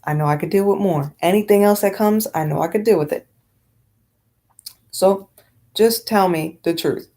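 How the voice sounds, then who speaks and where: A woman's voice: medium pitch, moderate pace, pauses often, warm tone. A woman talking bluntly in a casual vlog rant, rambling with many fillers and swearing freely. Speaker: vlogger.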